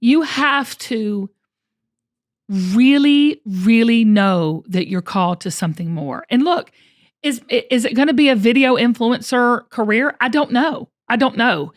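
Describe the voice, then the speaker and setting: A woman's voice: fairly high pitch, animated, measured pace. A middle-aged woman, hosting and coaching her guests, earnest and emphatic, often repeating words as she presses a point. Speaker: host and coach. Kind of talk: encouraging coaching talk.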